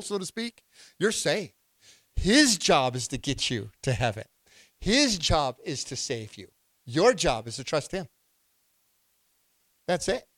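A man's voice: a little high, a bit bright, dry recording. Preacher man, dry close sound. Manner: preaching with rising, emphatic outbursts and questions to the congregation. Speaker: pastor. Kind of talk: sermon.

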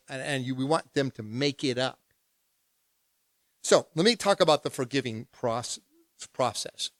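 A man pastor preaching a discipleship lesson in a lively, humorous, conversational way, acting out prayers. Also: medium pitch, no room sound, studio quality. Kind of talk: sermon.

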